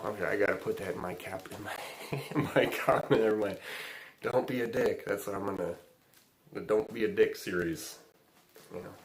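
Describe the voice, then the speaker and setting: A man's voice: on the low side, a little hiss or hum, poor audio. A man hosting a casual spiritual talk, rambling with lots of fillers and frequent laughs. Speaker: spiritual channeling host. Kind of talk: casual livestream chat.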